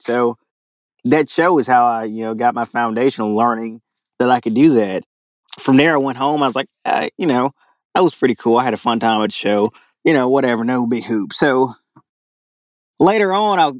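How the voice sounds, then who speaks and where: A young Louisiana man with a drawl, an animal caller appearing as an interview guest, tells a story while acting out its characters and laughing along. His mid-range voice sounds close and dry, with no room sound.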